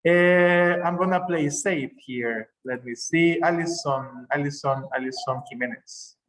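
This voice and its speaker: A man's voice: fairly high pitch, a little slow, a bit bright, rough recording. A man who speaks Spanish as a first language, teaching an English class on a video call in a patient manner, repeating words for emphasis.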